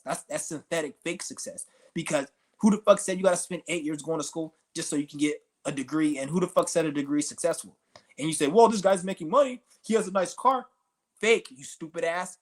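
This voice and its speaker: A man streaming a profane, confrontational ranting monologue, insulting his listeners as he goes. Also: fairly high pitch.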